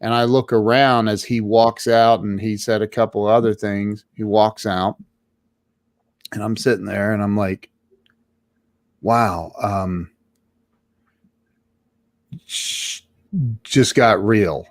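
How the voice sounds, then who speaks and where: A man's voice: on the low side, level tone, normal speed, no echo. A man as an interview guest, telling his own story casually and emphatically, often stumbling and restarting his words.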